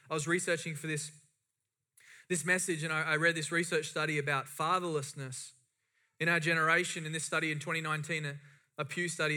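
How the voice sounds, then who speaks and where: Middle-aged male pastor, bright tone, impassioned sermon delivery. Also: high-pitched. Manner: impassioned, rising and falling emphasis.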